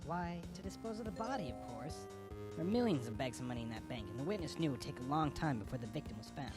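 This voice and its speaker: A voice actor playing a confident cartoon defense lawyer who dramatically lays out accusations in a game. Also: female voice, very deep voice. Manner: theatrical, accusing, dramatic reveals.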